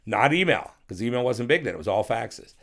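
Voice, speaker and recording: A man's voice: medium pitch, big pitch swings, a little fast, fairly bright tone. A middle-aged man who is a guest on a podcast, telling rambling, profane stories in a casual interview and acting out other people's voices.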